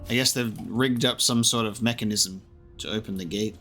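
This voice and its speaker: A man's voice: lowish voice, steady tone, moderate pace, a bit bright, faint music behind. A man giving casual, jokey commentary as he plays through a video game, chatting to himself as he goes. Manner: chatty, jokey, talks to himself while playing. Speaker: gaming streamer.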